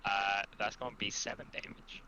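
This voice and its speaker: A man playing a tabletop game, talking in a lively, casual way and often asking how the rules work. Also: fairly low pitch, normal speed, muffled recording, a little hiss or hum. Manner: lively, unsure about the rules. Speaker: player.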